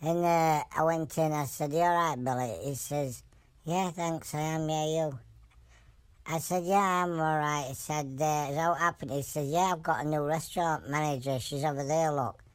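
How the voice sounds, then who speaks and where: A man's voice: on the high side, fairly even intonation, moderate pace, clean tone, close to an everyday voice. A Yorkshireman voicing a rambling joke-telling animal. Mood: gossipy. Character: a talking trained animal telling pub jokes. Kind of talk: dubbed comic voice-over.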